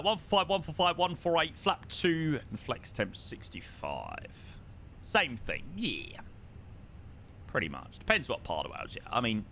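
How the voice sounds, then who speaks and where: Southern english guy streaming, bouncy lively voice, swears a lot, chats with viewers. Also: mid-range voice, slight background noise. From southern England. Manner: chatty, swears freely, reads out viewer chat. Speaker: flight sim streamer. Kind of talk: casual live-stream chat.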